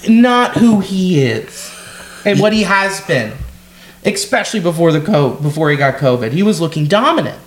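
A man co-hosting a podcast, chatting casually about sports, excitable and swearing freely. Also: high-pitched, moderate pace. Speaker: podcast co-host. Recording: roomy echo.

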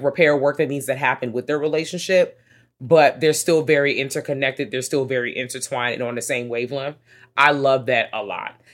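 Chatty woman retelling a film. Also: rumbling low. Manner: chatty, profane, animated retelling. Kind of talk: casual film discussion.

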